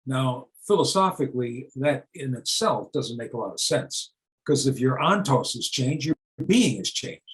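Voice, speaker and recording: Older man from the US, seventies, unscripted talk to a group, mid-pitched voice, conversational, frequent restarts and fillers, blunt rhetorical questions. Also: lively intonation, moderate pace, fairly bright tone, rough recording. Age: 70s. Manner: plain-spoken, rhetorical questions answered himself. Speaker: speaker on church reform.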